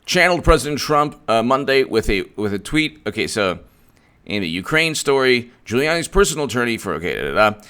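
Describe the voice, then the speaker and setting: A man giving solo political commentary, animated, acting out little scenes and restarting mid-sentence. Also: mid-range voice, fairly quick, clean tone.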